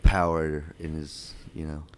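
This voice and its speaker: A man co-hosting a casual movie podcast, joking around and rambling with halting fillers. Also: rumbling low, little pitch movement. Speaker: podcast co-host.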